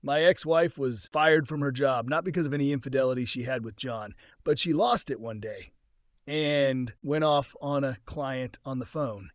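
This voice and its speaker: A man's voice: mid-range voice, moderate pace, dry recording, clean studio sound. A man telling a first-person story in an earnest, conversational way.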